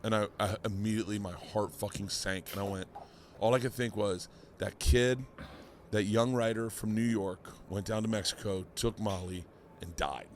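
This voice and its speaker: A middle-aged man, a comedian, telling a story on a podcast in a casual, animated way, swearing freely and acting out what others said. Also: fairly low pitch, normal speed, a little hiss or hum. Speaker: comedian guest.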